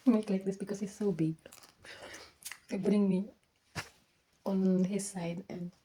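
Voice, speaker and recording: Filipina woman telling a story, mellow voice. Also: medium pitch, a little hiss or hum, rough recording. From Philippines. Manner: halting, many restarts and fillers, drifts into whispers. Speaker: vlogger. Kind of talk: casual storytelling vlog.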